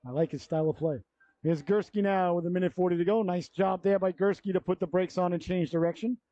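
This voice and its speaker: Over dull, lo-fi local broadcast audio, a play-by-play man covers a youth hockey game in a high, steady, warm voice at a quick pace, recorded dry. His chatter wanders into side stories and self-corrections, and he yawns and runs out of breath as he goes.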